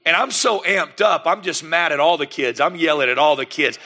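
A middle-aged man, a pastor telling lively family stories in a sermon and acting out the scenes. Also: fairly high pitch, a little fast. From United States. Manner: animated, lively storyteller who acts out scenes. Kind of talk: sermon storytelling.

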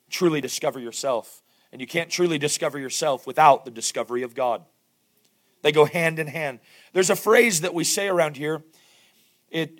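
A man with a Southern accent preaching a sermon, his voice hoarse and strained, asking the congregation questions as he goes. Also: medium pitch. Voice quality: gravelly. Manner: conversational preaching with rhetorical questions. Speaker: pastor.

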